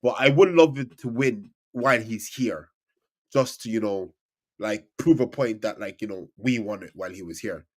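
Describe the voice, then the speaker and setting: A man chatting casually about football as a podcast co-host, animated and full of stammered restarts. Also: lowish voice, normal speed. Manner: animated, stammering restarts, swings loud and soft.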